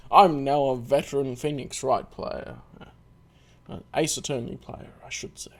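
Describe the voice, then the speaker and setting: A man's voice: mid-range voice, fairly even intonation, normal speed, a little mellow. A man casually commenting as he plays and reads through a story game. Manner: chatty, self-deprecating asides. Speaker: video game let's player.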